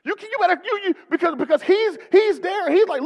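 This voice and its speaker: A man's voice: very high-pitched, fairly quick, gravelly, hardly any pauses, big-room sound. A male pastor preaching a rousing sermon in a church, calling for responses from the congregation.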